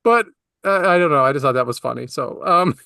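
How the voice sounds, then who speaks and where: A man's voice: on the high side, animated, fairly quick, vocal fry, bright, forceful tone, no echo, studio quality. A man in his forties, a podcast co-host, telling comedic anecdotes about everyday annoyances in an exasperated, ranting way. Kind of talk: casual comedic storytelling.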